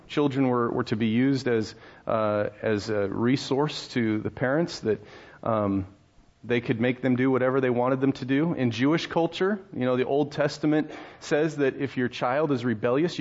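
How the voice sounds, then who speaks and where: A man in his thirties preaches a sermon the way you'd talk to friends, telling family stories and asking the room rhetorical questions. His voice sits at an ordinary middle pitch. The recording is a little dull and muffled. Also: a little mellow. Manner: conversational, storytelling with laughs and rhetorical questions. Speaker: pastor.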